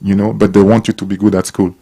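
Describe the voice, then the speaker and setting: A man giving casual, encouraging advice to young people, with halting restarts. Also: on the low side, little pitch movement, mellow, husky. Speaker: guest speaker, former footballer. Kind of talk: casual talk to young audience.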